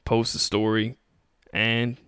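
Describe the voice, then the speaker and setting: A man's voice: medium pitch, little pitch movement, slow, a bit bright, clear, resonant tone, no echo, clean studio sound. A young man hosting a solo podcast, answering listener questions in a casual, motivational way. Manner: casual, motivational, acts out mocking critics in quotes. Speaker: podcast host.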